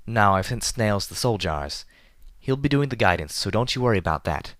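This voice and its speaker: A man's voice: fairly low pitch, lively intonation, moderate pace, fairly bright tone, no echo, clean studio sound. A man voicing an elegant, regal mare pony who speaks in a prim, genteel way. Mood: gracious.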